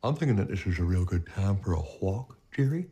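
A man voicing a gentle, loyal male pet dog with a soothing voice. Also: low-pitched, lively intonation, fairly quick, slightly rough, exaggerated voice. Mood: calm.

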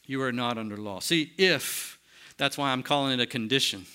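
A man's voice: medium pitch, normal speed, bright, forceful tone, smooth. A man preaching a sermon, teaching earnestly and asking his listeners rhetorical questions. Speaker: pastor.

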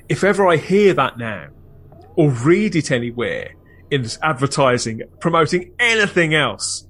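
A man hosting a fan podcast, talking in a wordy, reflective way with animated bursts. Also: a little high, measured pace. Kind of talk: casual chat and reflective narration.

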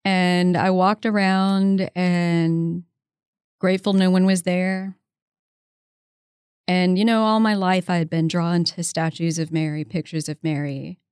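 A woman's voice: lowish voice, a little slow, clean tone, no echo. Chatty woman in her fifties, dry sound. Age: 50s. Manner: animated storyteller who acts out quoted people; chatty, with frequent "um" and "you know". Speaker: interview guest. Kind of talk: casual storytelling in an interview.

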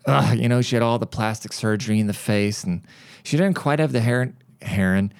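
A man's voice: lowish voice, quick pace, vocal fry, smooth, dry recording. A man hosting his own podcast, telling stories in a blunt, profane, ranting monologue. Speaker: podcast host.

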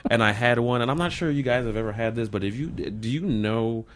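A man's voice: medium pitch, fairly quick, a bit bright, slight background noise. A man chatting casually in a small studio, telling a rambling, self-deprecating story as a comedian guest. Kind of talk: casual chat on a podcast.

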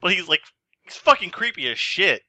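A man's voice: sits high, very animated, normal speed, pushed and bright, dry recording. A man co-hosting a casual movie podcast, blunt and profane. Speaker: podcast co-host.

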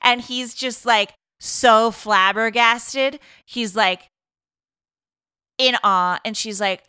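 A woman from Boston casually retelling a film plot, animated and full of fillers, acting out the dialogue. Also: a little high, slow, clean tone, no echo, studio quality.

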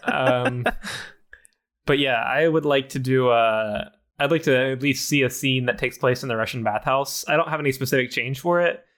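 A man's voice: medium pitch, normal speed, a bit bright. A man in casual chat between improv scenes who rambles, hesitates and laughs often. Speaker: improv comedy podcast player.

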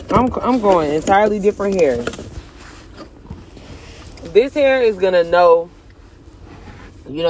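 Young woman vlogger, chatty and profane, jumps between loud and hushed. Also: low voice, a little hiss or hum. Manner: animated, swings from loud bursts to hushed asides, cursing and joking. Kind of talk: casual chat to camera.

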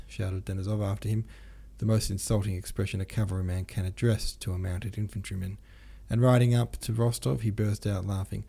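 A man narrates a classic novel as an audiobook, reading steadily and plainly. His voice sits low with a dark, mellow timbre. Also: steady tone, brisk, gravelly, few pauses, breathy edge.

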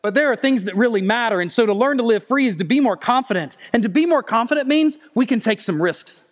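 A man preaching a sermon as pastor, earnest and pleading, rising louder and higher as he presses his points. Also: animated, quick pace.

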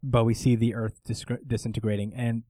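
A man co-hosting a casual manga chat, talking in an animated way, swearing often and acting out characters' lines. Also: mid-range voice, moderate pace, no echo. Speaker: podcast co-host recapping manga.

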